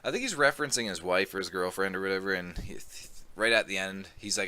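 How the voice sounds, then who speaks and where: A man casually recapping a comic book volume, rambling and filling gaps with "um" as he gets excited about the story. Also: low voice, quick pace. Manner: rambling, many "um"s, excitable retelling. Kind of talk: casual plot recap review.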